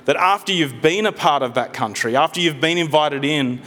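A man preaching a sermon in a conversational way, with gentle humor and frequent restarts. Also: fairly high pitch, lively intonation, moderate pace. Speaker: pastor. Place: church hall. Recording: long hall reverb.

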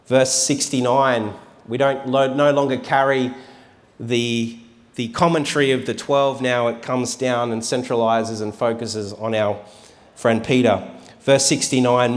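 A man preaching a sermon at a mid-range pitch. He talks in a conversational way, reads scripture aloud and corrects himself as he goes. His voice rings out in a hall with a long reverb. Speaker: pastor.

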